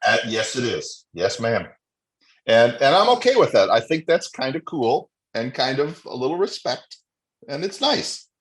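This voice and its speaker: A middle-aged man of medium pitch whose voice rises and falls a lot as he talks. He chats easily on a podcast and keeps saying words like "interesting" and "funny." He sounds relaxed and conversational. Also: normal speed. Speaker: podcast co-host. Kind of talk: casual chat.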